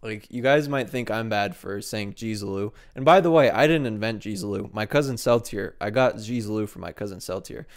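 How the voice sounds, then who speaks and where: A man's voice: fairly low pitch, fairly quick, few pauses. A man hosting a let's play, giving playful, self-deprecating gaming commentary with a lot of giggling.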